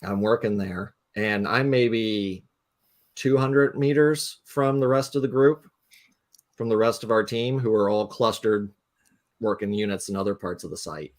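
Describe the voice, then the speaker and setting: A man's voice: lowish voice, a little slow. A man, a guest game designer, telling a rambling anecdote with lots of fillers on a casual live talk stream.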